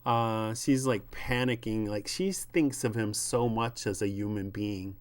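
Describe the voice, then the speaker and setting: A man reading aloud from a comic and commenting on it in a slow, musing way. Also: lowish voice. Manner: slow, musing, with ums and asides. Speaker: comics reviewer.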